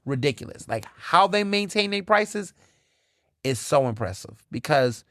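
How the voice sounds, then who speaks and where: A man hosting his own podcast, chatting casually and animatedly, telling stories with lively, high-pitched quoted asides. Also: a little slow, dry recording, clean studio sound. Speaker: podcast host. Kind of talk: casual solo chat.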